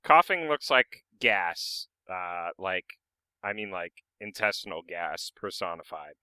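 A man co-hosting a casual comedic chat, tossing in dry deadpan quips. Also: low-pitched, measured pace, clear, resonant tone, no room sound. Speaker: podcast co-host.

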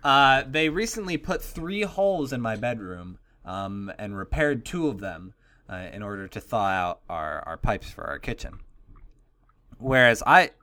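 A young man hosting a podcast, rambling through jokey hypotheticals with deadpan asides in casual chat. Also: medium pitch, a little slow. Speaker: podcast host.

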